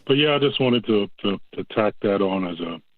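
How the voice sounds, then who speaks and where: A man's voice: lowish voice, animated, normal speed, dry recording. A man calling in to a talk show and rambling in a folksy, casual way. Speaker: caller. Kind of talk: casual call-in chat. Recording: tinny phone line.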